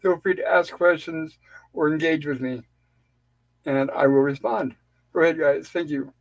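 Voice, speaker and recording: A high-pitched man hosting a casual live stream, his voice sounding a little weak. He talks in an easygoing, jokey way with his co-hosts. The sound is dry and close. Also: normal speed, creaky, no room sound, poor audio. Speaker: livestream host. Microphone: remote call on a streaming panel.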